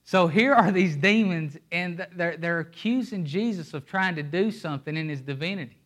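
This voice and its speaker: A man's voice: high-pitched, normal speed, fairly bright tone. A man preaching a sermon on a microphone, emphatic and pulling listeners in with questions. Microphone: handheld microphone.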